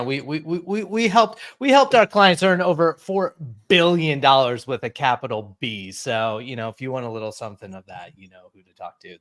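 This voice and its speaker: A man from Central New Jersey hosting a live webinar over a video call, energetic and playful, often restarting his words. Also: medium pitch. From Central New Jersey, USA. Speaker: webinar host.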